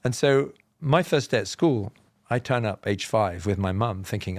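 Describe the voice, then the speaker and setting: A man from England with a southern, BBC-style received pronunciation accent, telling personal stories as a podcast guest in a measured, explanatory way with self-deprecating humour. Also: medium pitch, expressive, creaky, no echo. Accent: Southern English, BBC-style received pronunciation. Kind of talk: reflective personal storytelling.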